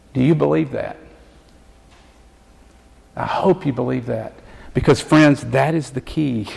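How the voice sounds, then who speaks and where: A man preaching to a congregation, his mid-pitched voice carrying a gravelly edge. He tells a story earnestly and slows down to land each point. The sound rings with the long reverb of a large hall. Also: a little mellow. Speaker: pastor. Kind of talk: sermon.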